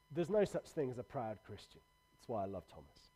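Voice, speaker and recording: A man's voice: medium pitch, sing-song, brisk, dark tone, slightly rough. A man pastor giving a livestreamed church sermon, earnest and conversational with emphatic repetition.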